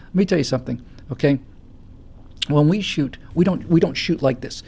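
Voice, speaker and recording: Gravelly guy ranting on his talk show, dark low-key tone, trips over his words then gets loud. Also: animated, brisk, faint music behind. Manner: forceful, stammering restarts, rising to near-shouting. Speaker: show host. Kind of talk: impassioned political commentary.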